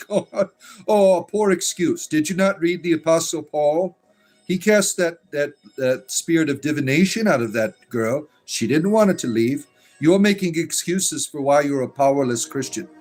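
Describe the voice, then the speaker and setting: A man's voice: a little high, a little slow, a little mellow, faint music behind. A man hosting a spirituality livestream, chatting casually and answering comments in a rambling, combative way. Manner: rambling, combative, full of fillers and asides. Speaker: host of a pagan spirituality stream.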